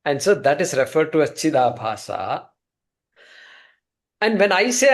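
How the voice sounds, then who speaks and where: A man's voice: sing-song, normal speed, long pauses. Emphatic man teaching scripture. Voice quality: pitch swings from emphatic highs to quiet low asides. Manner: rhetorical questions, answering himself, repeated restarts. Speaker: Vedanta teacher. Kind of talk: spoken scripture class.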